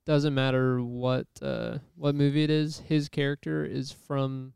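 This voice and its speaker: Guy chatting about movies, kinda monotone, mellow tone, says like a lot. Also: mid-range voice, measured pace, gravelly, clean tone, no echo, studio quality. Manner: chatty, laughs often, fills with "like". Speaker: podcast co-host. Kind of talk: casual movie discussion.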